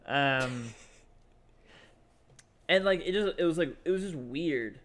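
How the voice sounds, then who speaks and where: A man's voice: fairly high pitch, lively intonation, takes it slowly, fairly bright tone. A young man co-hosting a podcast, telling a long story in casual chat, rambling with lots of fillers and acted-out quotes. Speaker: podcast co-host.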